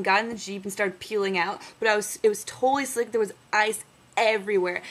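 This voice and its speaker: A woman's voice: mid-range voice, fairly bright tone, lightly acted. A woman reading a parody diary aloud as a crude, brash young man, in a swaggering and profane storytelling manner.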